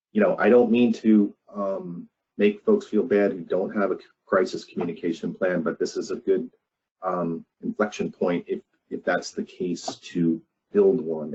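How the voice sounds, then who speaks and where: A man presenting a webinar on crisis communication, measured and emphatic, often pausing with "um". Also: low-pitched, a little mellow, slightly rough, lo-fi sound. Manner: measured, frequent "um" fillers, emphatic repetition.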